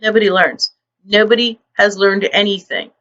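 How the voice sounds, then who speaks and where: A woman's voice: mid-range voice, fairly even intonation, normal speed, a bit bright, highs cut off. A woman writer hosting her own vlog, ranting in a blunt, profane and indignant way into her computer microphone.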